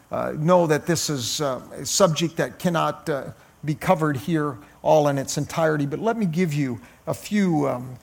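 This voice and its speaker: A male pastor preaching a sermon in a halting way, often pausing and restarting. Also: fairly high pitch, creaky. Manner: halting, with frequent uh fillers and restarts.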